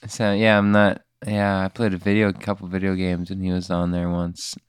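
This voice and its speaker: A man's voice: low-pitched, monotone, moderate pace, clear, resonant tone, no echo, studio quality. A man as a comedy podcast guest, answering an improvised scene in a hesitant, stammering way. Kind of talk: improvised role-play answers.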